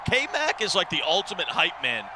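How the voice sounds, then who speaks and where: A man's voice: high voice, wildly swooping pitch, normal speed, noisy background. A man giving color commentary on a competitive video game match, breaking down formations and coverage. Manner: analytical, breaks down plays. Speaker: esports analyst.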